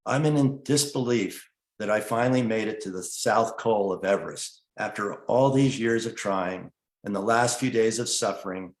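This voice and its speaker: A man telling his own story in an earnest, measured way, narrating at a steady pace and getting emotional at times. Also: on the low side, roomy sound. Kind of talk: personal storytelling, partly read narration.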